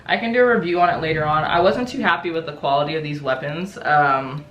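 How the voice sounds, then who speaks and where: A woman's voice: low-pitched, animated, quick pace, roomy sound, highs cut off, faint music behind. An American woman chatting casually as a martial arts vlogger, laughing often and full of fillers and restarts. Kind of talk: casual show-and-tell vlog.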